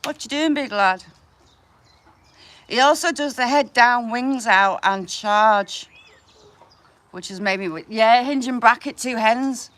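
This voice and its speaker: A woman's voice: on the high side, measured pace, fairly bright tone. A woman chatting on a livestream while she feeds her chickens, affectionate and often laughing. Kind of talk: casual live chat with viewers. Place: outdoors in a chicken run. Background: chickens clucking and a rooster.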